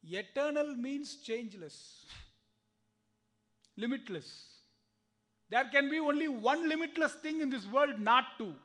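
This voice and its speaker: A man speaking Indian-accented English gives a spiritual talk at a temple in an extremely high, bright, forceful voice, expressive and a bit slow with long pauses. He quizzes the audience rhetorically and voices both parties in the exchanges he recounts.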